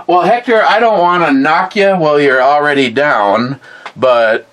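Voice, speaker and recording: A man's voice: fairly high pitch, a little slow, fairly bright tone, rough recording. A man, hosting a livestream in casual chat and reading out viewer comments in a rambling, blunt way with free swearing. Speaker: livestream host.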